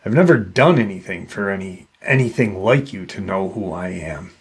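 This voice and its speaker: A man's voice: deep voice, lively intonation, moderate pace, slightly rough, pitched below the performer's own voice, full character voice. A man voicing a shocked, bewildered male witness who stammers and pleads.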